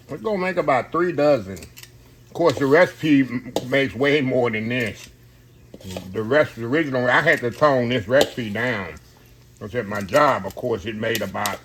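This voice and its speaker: A middle-aged man and kitchen manager chatting excitedly in a casual cooking vlog, talking to viewers from his kitchen while the camera sits on a tripod. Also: medium pitch, background noise. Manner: chatty and excited, keeps addressing viewers as y'all. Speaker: home cook and kitchen manager. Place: home kitchen, indoors.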